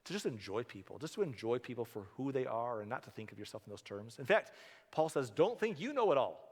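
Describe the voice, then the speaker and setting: A man's voice: medium pitch, animated, fast. A man preaching a sermon as a pastor, in a conversational way, often acting out the voices of the people he talks about. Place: church sanctuary. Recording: church hall reverb.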